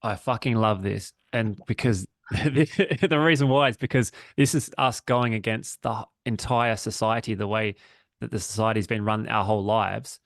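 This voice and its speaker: A man's voice: lowish voice, steady tone, moderate pace, vocal fry, no room sound, clean studio sound. A man chatting casually and reflectively on a podcast, swearing freely. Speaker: podcast co-host. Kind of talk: casual chat.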